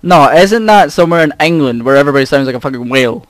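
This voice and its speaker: A man's voice: on the high side, very fast. A young man with a Scottish accent, chatting casually and swearing while gaming. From Scotland. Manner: swears often, animated. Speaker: co-player.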